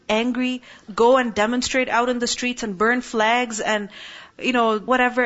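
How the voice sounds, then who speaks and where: A woman in her thirties teaching an Islamic class in a calm, conversational way, often checking in with her listeners. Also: a little high. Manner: calm, conversational, many tag questions. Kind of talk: religious class talk. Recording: dull lo-fi recording.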